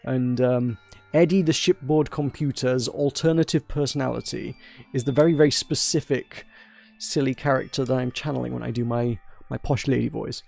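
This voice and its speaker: A man's voice: medium pitch, fairly even intonation, moderate pace, creaky, a little mellow, soft background music. A man hosting a let's play, chatting casually and self-deprecatingly between lines. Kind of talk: casual game commentary.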